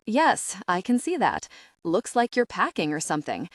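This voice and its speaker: A woman's voice: lowish voice, wildly swooping pitch, moderate pace, dry recording, clean studio sound. A woman reading an audiobook, voicing a smug, sadistic middle-aged man who drawls in a mocking, falsely friendly way.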